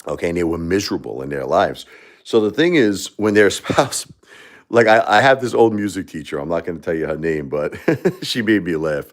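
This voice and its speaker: Brief: middle-aged man, very low voice, rambling and heartfelt, hosting his own livestream. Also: sing-song, fairly quick. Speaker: livestream host. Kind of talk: casual livestream talk.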